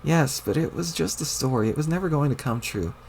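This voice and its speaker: A gloomy ghost girl mopes and whines that nothing is worth fighting for, as a man reads her out. Her voice has a gravelly, creaky texture. She sounds flat and defeated. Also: on the high side, a little fast, slight background noise. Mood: hopeless. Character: mopey ghostly girl, hopeless and self-pitying. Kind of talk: reading a webcomic aloud with voices.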